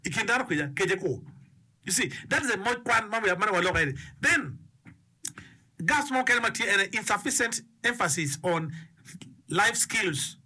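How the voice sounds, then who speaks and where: Man, high, bright and husky voice, emphatic talker who keeps asking "okay?". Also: expressive, moderate pace. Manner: emphatic, repeats phrases, checks in with "okay?" and "eh?". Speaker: speaker on education and community. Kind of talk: casual explanatory talk mixing English and a local language.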